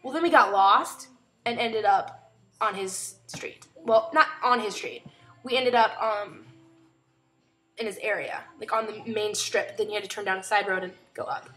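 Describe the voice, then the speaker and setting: In a casual at-home vlog, a young woman chats through a story and acts out the voices of the people she quotes, retelling it with animation. She talks at normal speed in a mid-range voice over soft background music.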